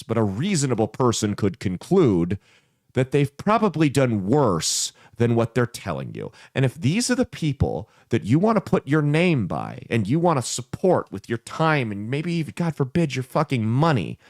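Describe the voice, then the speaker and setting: A man's voice: mid-range voice, no echo, studio quality. A man hosting a comedic commentary podcast, ranting bluntly and sarcastically with lots of profanity. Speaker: podcast host.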